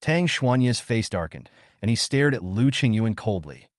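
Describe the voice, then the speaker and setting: Lively, low-voiced male story narrator. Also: a little slow, no room sound, studio quality.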